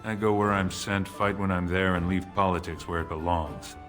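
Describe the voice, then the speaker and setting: An actor playing a weary, blunt male dwarf soldier in a video game, talking in gruff, clipped phrases. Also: low-pitched, fairly even intonation, normal speed, close to an everyday voice. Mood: plain, gruff. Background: game music.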